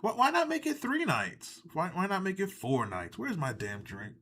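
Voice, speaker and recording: A man with a somewhat high voice rants through a casual live reaction stream. He is sarcastic and swears freely, drifting off into rambling asides. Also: very animated, normal speed, sharp tone, a little hiss or hum. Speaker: livestream host reacting to wrestling.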